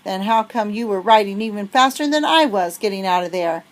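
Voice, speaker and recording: Woman playing a nervous, breathless young girl from a storybook, shrill and sarcastic. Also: brisk, close to an everyday voice.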